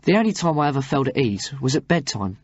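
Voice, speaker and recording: A man reading a first-person passage aloud for a textbook audio track, in an expressive, rising and falling manner. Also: mid-range voice, quick pace, no room sound, muffled recording.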